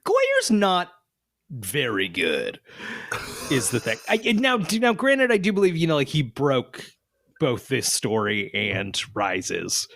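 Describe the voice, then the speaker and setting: A man's voice: medium pitch, expressive, unhurried, vocal fry, fairly bright tone, no echo, studio quality. A man co-hosting a podcast in casual chat, swearing often and laughing through mock-angry rants. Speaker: podcast co-host.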